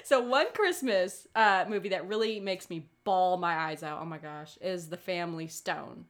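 A woman's voice: lowish voice, normal speed. A woman co-hosting a podcast in casual chat, candid and emotional, swearing freely and laughing often. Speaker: podcast co-host.

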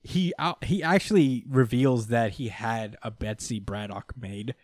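A man's voice: medium pitch, a little slow, a little mellow, no room sound, studio quality. A man casually recapping a comic book story, full of fillers, laughter and swearing. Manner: laughs often, many fillers, swears freely. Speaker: podcast host.

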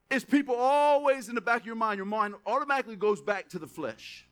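A man preaching a sermon as pastor, emphatic, rising to shouts and dropping soft. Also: sits high.

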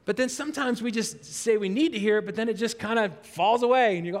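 A man preaching to his congregation in a conversational, dramatic way, sliding down low and soft when he voices the doubting inner voice. His voice sits very high for a man. The sound carries the long reverb of a church sanctuary. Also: quick pace, few pauses. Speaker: pastor. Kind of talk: sermon.

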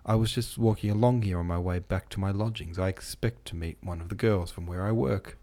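A man's voice: sits low, a little fast, mellow. A man voicing a poor, sickly young woman in an audiobook, her lines sullen and tearfully pleading. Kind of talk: audiobook character voice.

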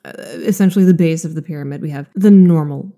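A woman's voice: deep voice, quick pace, mellow. Profane woman podcaster with a slight lisp. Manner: blunt and profane, lots of filler words. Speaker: podcast co-host. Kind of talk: casual chat.

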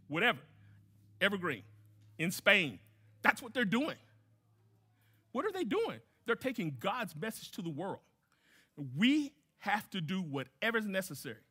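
A man's voice: on the high side, bright, forceful tone, husky. A man preaching a sermon as a guest pastor, emphatic, repeating key phrases and putting questions to the congregation.

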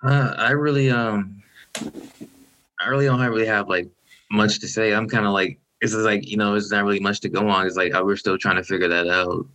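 A man's voice: fairly low pitch, steady tone, a little fast, sharp tone, low-quality recording. A man appearing as a guest on a casual podcast, speaking hesitantly with many stammered restarts.

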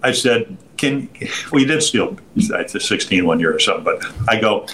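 An older man with a low voice spins long, meandering stories, stumbling through restarts and slipping into quoted voices. A faint hum of ambience sits behind him. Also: animated, fairly quick, fairly bright tone, rough recording. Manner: rambling anecdotes with frequent restarts and quoted voices. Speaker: guest, former pitcher and broadcaster. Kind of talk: storytelling interview.

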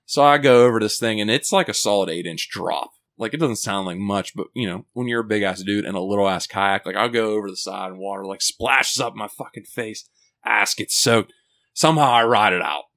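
This man's voice is lowish with some vocal fry, and his pace runs a little fast. Laughing through a meandering, foul-mouthed story on a laid-back podcast, he keeps dropping "like" and "right?" in an animated way.

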